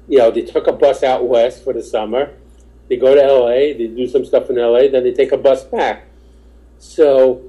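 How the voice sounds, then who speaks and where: A man's voice: medium pitch, mellow, low-quality recording. A male stand-up comedian, a podcast guest, telling rambling anecdotes in casual chat and acting out the voices of the people in them. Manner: rambling, acts out quoted voices.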